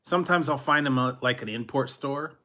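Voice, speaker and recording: A man's voice: mid-range voice, a little fast, pushed and bright. A man from Central California chatting casually on a live stream, rambling with chuckles and tossing in a joking "eh". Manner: rambling, chuckling, plays up a mock Canadian eh. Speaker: food review streamer.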